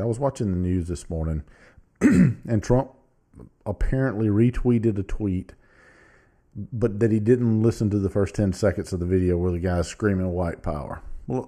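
A male podcast host speaks bluntly and casually, straight to the viewer. His voice is low and mellow, and his pitch moves around a lot as he talks. He reads items off a screen one after another. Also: husky. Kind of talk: casual opinion commentary.

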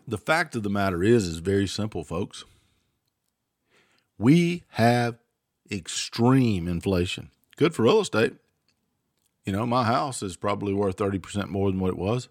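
A man with a fairly low voice hosts his own show, ranting and cursing freely. The sound is dry and close, with no room echo. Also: lively intonation, normal speed, long pauses. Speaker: show host. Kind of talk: political commentary monologue. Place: home.

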